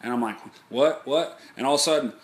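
A man's voice: medium pitch, fast, echoey room. A man telling a rowdy story in casual chat, swearing a lot and acting out what people said. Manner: animated, profane, acts out quotes. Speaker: podcast host telling a story.

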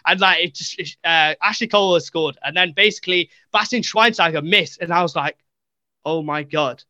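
Young man, podcast guest, lively storyteller, high bright voice, dry close sound. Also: brisk, no echo, dull audio. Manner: animated, acts out quotes, many fillers. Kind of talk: casual storytelling.

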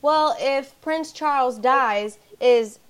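A woman's voice: high voice, slow, clean tone. A young woman co-hosting a podcast, chatting casually with a giggly, rambling, blunt way of talking. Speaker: podcast co-host. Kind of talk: casual chat.

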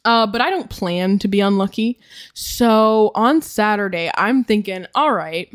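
A woman's voice: mid-range voice, measured pace, smooth. A woman co-hosting a podcast, chatting casually with wry, amused remarks. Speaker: podcast co-host.

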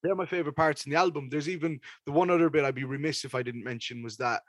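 A man's voice: fairly high pitch, steady tone, fast, dry recording. A young man hosting a podcast, reviewing an album in casual, rambling chat with plenty of swearing. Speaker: podcast host.

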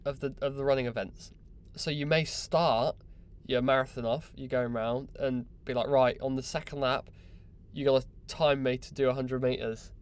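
A man hosting a solo podcast, chatty, excitable and self-mocking, recorded in a crew cabin on board a yacht. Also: mid-range voice, clean tone. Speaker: podcast host.

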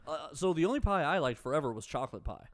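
A man co-hosting a casual talk show, telling jokey stories in animated banter. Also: a little high, quick pace. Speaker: podcast co-host.

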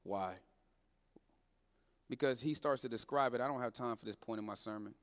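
A man preaching a sermon in church, dropping low and quiet then building up loud and fervent. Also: normal speed, in a large hall. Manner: swings from low and quiet to loud and shouting, plain Southern-leaning speech.

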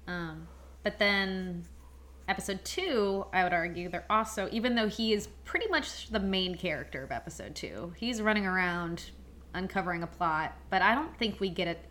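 A woman co-hosting a casual podcast discussion, speaking in a measured way, steering the talk with questions and pausing often on "um". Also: fairly low pitch, animated, a bit bright. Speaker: podcast co-host.

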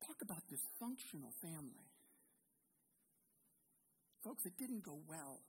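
A man's voice: a little high, very animated, mellow, a little hiss or hum, poor audio. Earnest male pastor preaching a sermon. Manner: earnest, emphatic preaching with pauses and repeated words.

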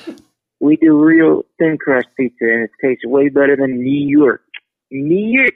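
A man's voice: medium pitch, huge pitch swings, moderate pace, creaky, dry recording. A brash, cocky man calling in to a talk show, with a Chicago accent, who keeps repeating his jokes over the phone. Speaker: caller. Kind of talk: call-in banter. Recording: tinny phone line.

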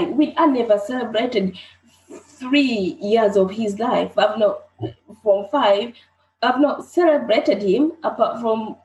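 A woman shares her own story as an interview guest, her voice sitting a little high and mellow. She stumbles and repeats herself, voicing the people in her story. The room around her rings with echo. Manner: halting, repeats herself, acts out dialogue. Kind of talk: emotional personal storytelling. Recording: roomy echoey sound.

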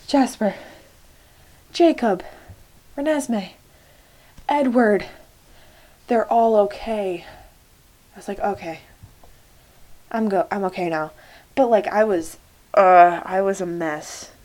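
A woman's voice: medium pitch, darkish tone. A young woman talks casually on her solo podcast. She gushes and rambles, filling her sentences with "like" and "um" as she goes. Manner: gushing, many fillers like "like" and "um". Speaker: podcast host.

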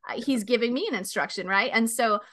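A woman in her forties hosting a podcast, telling a story animatedly and acting out the voices. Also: fairly quick. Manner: animated storyteller, acts out voices with big pitch jumps. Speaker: podcast host. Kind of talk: casual chat, storytelling.

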